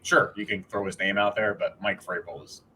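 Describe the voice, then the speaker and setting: A man's voice: lowish voice, brisk, bright, forceful tone, a little hiss or hum, rough recording. A man co-hosting a podcast in casual sports chat, rambling with restarts, swearing and laughing. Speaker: podcast co-host.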